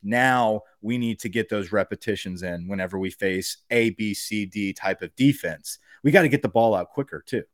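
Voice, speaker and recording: A man co-hosting a sports podcast in casual, animated chat, swearing freely and rambling with fillers. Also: on the low side, moderate pace, hardly any pauses, no room sound, clean studio sound. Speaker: podcast co-host.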